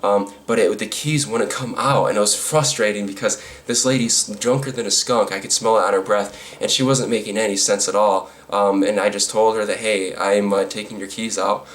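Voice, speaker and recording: A man's voice: fairly low pitch, steady tone, a little fast, hardly any pauses. A man telling a storytime vlog, rambling with lots of fillers and restarts, with a sarcastic edge. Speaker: vlogger.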